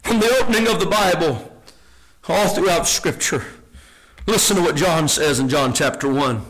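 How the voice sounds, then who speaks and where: A man preaching a sermon, reading scripture aloud, rising to shouted peaks and then dropping low and hushed. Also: moderate pace, rough recording.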